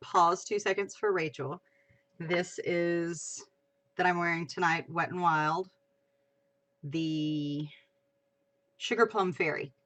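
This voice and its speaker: A woman hosts a casual livestream, talking about what she's been reading. She speaks slowly, in a fairly low voice, chatty and expressive with casual swearing. The sound is that of a home computer mic. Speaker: livestream host. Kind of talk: casual chat about fan fiction.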